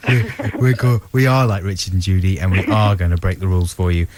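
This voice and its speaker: A middle-aged man co-hosting a comedy radio show, playful and quick to laugh. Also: low voice, steady tone, a little mellow. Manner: playful, laughs often, does impressions. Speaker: radio co-host. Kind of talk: comic radio banter.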